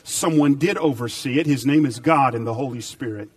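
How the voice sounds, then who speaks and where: A man preaching a sermon with emphatic repetition, swinging between loud, high bursts and low, quiet stretches. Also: fairly quick, distant mic. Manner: dynamic, emphatic repetition with big swings in pitch and volume.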